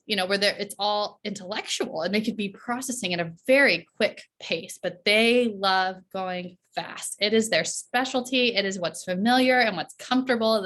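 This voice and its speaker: Chatty woman coach, mid-pitched voice. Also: a bit bright. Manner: chatty, tags sentences with "right?" and laughs often. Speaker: performance coach. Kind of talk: casual podcast interview.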